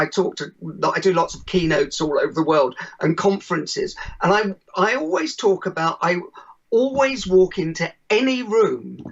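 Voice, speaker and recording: Man, podcast guest, keynote speaker, animated storyteller, high voice, muffled recording. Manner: animated, acts out quotes. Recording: dull lo-fi recording.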